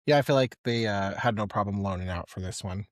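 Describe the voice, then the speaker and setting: A man's voice: lowish voice, quick pace, no echo. Chatty mid-voiced man, dry mic. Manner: chatty, teasing, full of "like" fillers. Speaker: podcast co-host. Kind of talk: casual chat.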